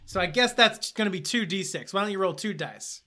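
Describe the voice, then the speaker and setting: A man running a tabletop game with a high, bright voice. He talks playfully and chattily, often restarting his sentences as he narrates the scene. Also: lively intonation, brisk. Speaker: game master.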